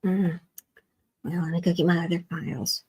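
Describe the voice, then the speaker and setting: Husky woman muttering at her screen. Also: lowish voice, steady tone, moderate pace, warm tone, poor audio. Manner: mutters to herself, often drops to a near whisper. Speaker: livestream host. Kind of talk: casual livestream talk while working the screen.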